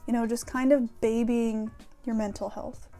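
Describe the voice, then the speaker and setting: A woman's voice: a little high, little pitch movement, moderate pace, dark tone, faint music behind. A young woman vlogging frankly and casually, with plenty of fillers and casual swearing. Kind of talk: candid talk to camera about mental health.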